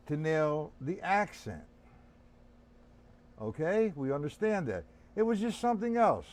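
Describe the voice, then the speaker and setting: Older male drum teacher on a live stream: chatty, instructive, fairly high voice with lots of pitch movement. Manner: chatty, instructive, addresses viewers by name.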